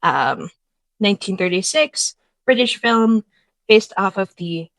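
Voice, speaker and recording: A woman co-hosting a casual commentary podcast, recapping facts in a relaxed way with many ums. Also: mid-range voice, slow, no room sound. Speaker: podcast co-host.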